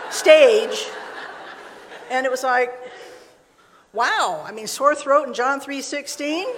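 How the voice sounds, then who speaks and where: A middle-aged woman giving a conversational sermon to a women's gathering, telling stories with frequent laughs and acted-out dialogue. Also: fairly high pitch. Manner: chatty storytelling, laughs often, acts out dialogue. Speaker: speaker at a women's church gathering. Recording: long reverb of a hall.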